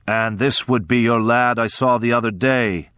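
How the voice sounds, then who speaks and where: A male narrator voicing a big, hearty, quietly threatening older lord, loud and genial in an audiobook reading. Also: medium pitch, steady tone, moderate pace, no room sound, natural voice. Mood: hearty, jovial. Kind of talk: audiobook character voice.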